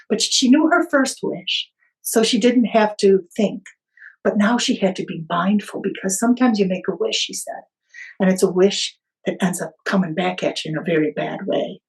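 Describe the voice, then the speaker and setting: A woman talking as a podcast guest, spinning an old family story with lively storyteller energy. She stumbles and restarts now and then, and her voice sits at a middle pitch. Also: moderate pace, rough recording. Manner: animated storyteller with small hesitations and restarts.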